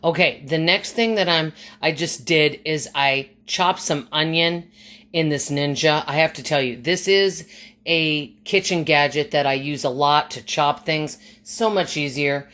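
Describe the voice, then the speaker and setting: Woman, home cooking vlog, chatty and encouraging, somewhat low voice, kitchen. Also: unhurried, a bit bright. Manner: chatty, encouraging, frugal tips. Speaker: cooking vlogger. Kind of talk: casual cooking demonstration.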